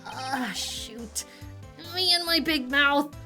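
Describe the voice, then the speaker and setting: A woman voicing a gruff, blustering male police detective in a lowered voice. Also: takes it slowly, music in the background. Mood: sheepish.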